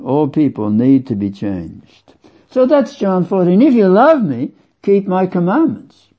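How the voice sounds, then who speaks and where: A man preaching a sermon slowly and with emphasis, repeating phrases for weight. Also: medium pitch. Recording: dull lo-fi sound.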